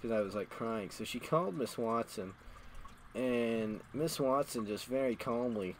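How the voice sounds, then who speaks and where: A man's voice: mid-range voice, measured pace, slight background noise, rough recording. A man streaming a game, rambling through crude, self-mocking stories in a casual storytelling way. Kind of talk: casual storytelling while gaming.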